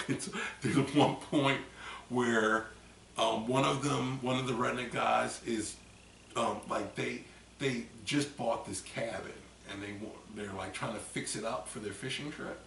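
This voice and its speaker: Vlogger, male, gravelly edge, rambling storyteller, a bit tipsy, distant mic in an echoey room. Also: medium pitch, measured pace, a little hiss or hum. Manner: rambling animated storytelling with loud acted screams. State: tipsy from drinking. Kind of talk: casual chat.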